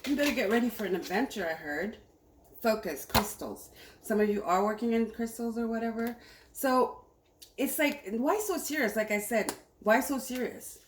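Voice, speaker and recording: A woman's voice: a little high, moderate pace. A woman giving a casual, enthusiastic tarot reading to camera, repeating herself as she talks. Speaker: tarot reader. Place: home room, cooking on stove nearby. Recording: echoey room with faint noise.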